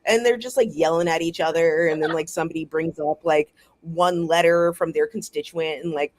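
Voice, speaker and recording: An American author chatting casually as a guest over a video call, animated and rambling, laughing often. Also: mid-range voice, normal speed. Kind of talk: casual chat.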